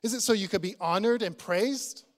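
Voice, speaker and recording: A man's voice: high-pitched, moderate pace, big-room sound. A male pastor preaching a sermon in a church, earnest and probing, putting direct questions to his listeners.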